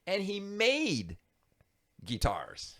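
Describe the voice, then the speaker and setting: A man telling a story from his past as a podcast guest, animated and quick to laugh. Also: high voice. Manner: animated, lively storyteller who laughs easily. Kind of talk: conversational storytelling.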